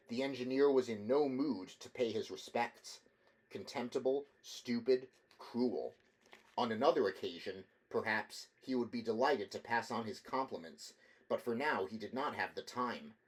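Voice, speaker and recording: A man reading a novel aloud as an audiobook, measured narration with occasional slips and restarts. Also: mid-range voice, rough recording. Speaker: audiobook reader.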